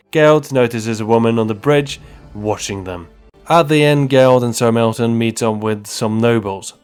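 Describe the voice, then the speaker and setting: A man narrating a humorous video game story recap with wry, joking asides. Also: medium pitch. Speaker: YouTube narrator.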